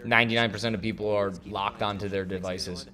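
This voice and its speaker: A young man hosting a stream, chatting loudly and joking in a rambling, casual way at a desk mic. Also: on the low side, steady tone, fast talker. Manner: loud, joking, rambling banter. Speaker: streamer host. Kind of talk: casual chat.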